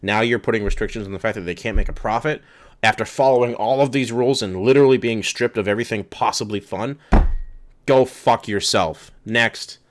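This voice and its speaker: A man's voice: lowish voice, fast talker. A man ranting angrily and profanely while reading rules aloud in a vlog. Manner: profane, exasperated, sarcastic. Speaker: vlogger.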